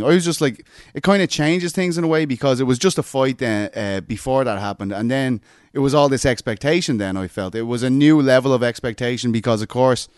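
A man's voice: mid-range voice, clean tone, dry recording, clean studio sound. A man hosting a podcast, asking rambling, chatty questions. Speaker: podcast host. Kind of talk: casual interview chat.

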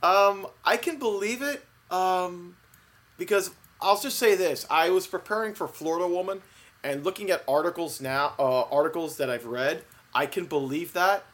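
A man co-hosting a casual podcast, animated and riffing, quick to laugh. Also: sits high. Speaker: podcast co-host.

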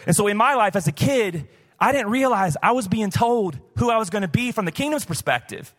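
A man's voice: sits high, expressive, a little fast, a bit bright. A man in his fifties, a pastor from the southern United States, preaching live in a church in a conversational, storytelling way. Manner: conversational, personal storytelling with many "like" fillers. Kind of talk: sermon. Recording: live church hall reverb.

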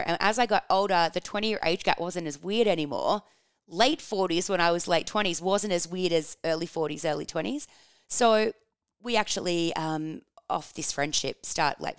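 A woman in her thirties tells personal stories frankly, swearing freely and laughing as she goes. Her voice sits a little low and sounds smooth and resonant. It is recorded close and dry, with no room sound. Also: dry recording. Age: 30s. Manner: frank and animated, swears casually, laughs while telling stories. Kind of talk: personal storytelling, candid and confessional.

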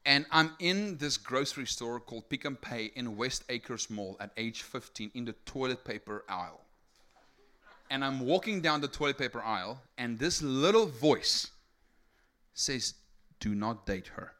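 A man's voice: medium pitch, normal speed. A young man from South Africa telling his life story as a sermon to an audience, peppering it with "right?" and asking for raised hands. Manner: energetic storytelling with many rhetorical "right?" tags. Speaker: speaker giving testimony. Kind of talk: sermon testimony to a live audience.

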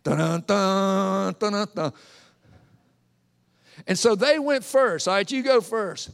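A high-voiced male preacher delivers his sermon as a lively, joking story, acting out each scene. His voice rings through a large church with a long, trailing reverb. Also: moderate pace.

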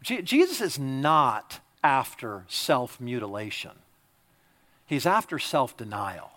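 A male pastor preaching a sermon, emphatic, swinging between loud exhortation and quiet, confiding asides. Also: medium pitch, sing-song, slow.

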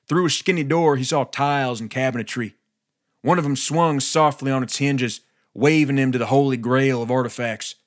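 A man narrating a scripted historical story, with folksy, wry asides. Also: medium pitch.

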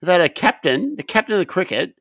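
A man's voice: high voice, big pitch swings, fast talker, fairly bright tone, no echo, clean studio sound. A man co-hosting a podcast, playful and full of joking banter. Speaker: podcast co-host. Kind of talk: casual chat.

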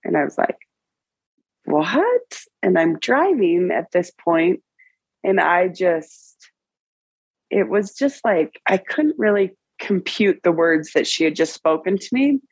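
A woman around forty, a guest in an interview, tells a personal story in an emotional, halting way with many restarts. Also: on the low side, lively intonation, slightly rough, no echo, low-quality recording.

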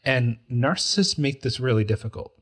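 Man in his forties, middle pitch, casual podcast chat; emotional, animated storyteller who slips into quoted voices. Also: normal speed, breathy edge. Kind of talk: casual chat about a TV show.

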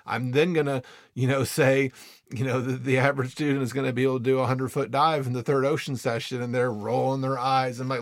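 A male freediving instructor tells stories of his teaching in a relaxed, chatty way. He talks fast and animated and voices the people in his anecdotes. The sound is close and dry. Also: medium pitch, no echo. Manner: animated, quick, acts out quoted people. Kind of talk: casual storytelling talk.

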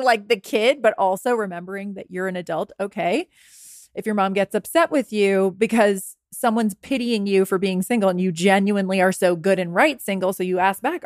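A woman in her thirties, a dating coach talking casually on a podcast, acting out quoted replies in a lively, higher voice. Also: normal speed, no room sound, studio quality. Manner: animated, acts out quoted lines in a higher voice. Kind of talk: podcast monologue.

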